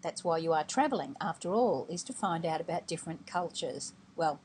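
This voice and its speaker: A woman's voice: sits low, lively intonation, a little fast, a little mellow, slight background noise. A woman hosting a travel website, explaining travel tips patiently and step by step in an instructional voice-over. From Australia.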